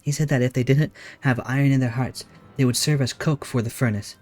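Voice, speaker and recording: A man's voice: medium pitch, steady tone, a little fast, a little mellow, close to an everyday voice. A man voicing a small, frightened kobold boy in a game, pleading with repeated words.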